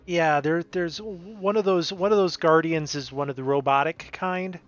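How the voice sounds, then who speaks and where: A man's voice: fairly high pitch, moderate pace. A man co-hosting a live stream, chatting casually and telling a rambling story with many restarts and asides. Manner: rambling, self-interrupting storyteller. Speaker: stream co-host. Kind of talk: casual chat. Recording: dull lo-fi stream audio with music.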